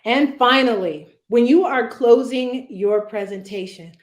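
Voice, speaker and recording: A woman's voice: a little high, a little slow, reverberant. A woman leading a virtual public speaking workshop, talking conversationally with fillers and frequent "right?" check-ins. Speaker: workshop presenter.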